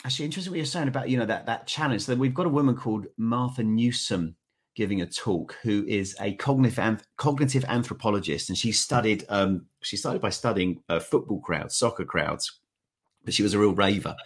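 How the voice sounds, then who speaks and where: A man talking as a podcast guest, telling lively stories and laughing often in a loose, conversational way. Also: lowish voice, slightly rough. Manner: animated storyteller, laughs often. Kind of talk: conversational interview.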